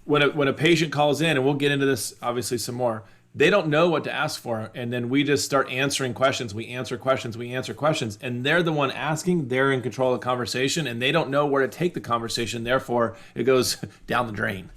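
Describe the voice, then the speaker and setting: Man, mid-pitched voice, emphatic seminar coach who repeats key points. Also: fairly quick, hardly any pauses, a bit bright. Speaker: dental practice coach.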